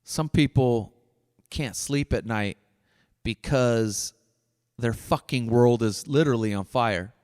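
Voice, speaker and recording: A man's voice: mid-range voice, slow pace, a little mellow. A middle-aged man hosting his own podcast, delivering a blunt, profane solo rant. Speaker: podcast host. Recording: dry voice with long reverb tail.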